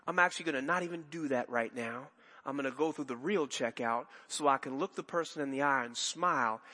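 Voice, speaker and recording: Bright-voiced male pastor in a reverberant church. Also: on the high side. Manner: conversational, rambling with repeated restarts and asides. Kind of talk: sermon. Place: church sanctuary.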